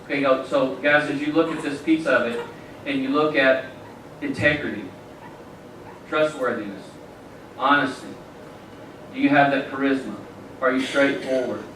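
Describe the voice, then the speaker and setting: A man's voice: medium pitch, steady tone, moderate pace, pauses often, bright, forceful tone, a little hiss or hum. A man giving an enthusiastic motivational talk at a conference, preaching and telling stories. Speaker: keynote speaker. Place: large conference hall. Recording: echoey hall from far off.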